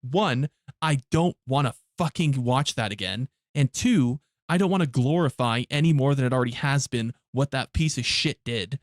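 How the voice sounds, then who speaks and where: A man's voice: mid-range voice, animated, normal speed, no echo, clean studio sound. A man streaming a game live, chatting casually with his viewers in blunt, heavily profane rants. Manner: blunt, profane ranting to chat.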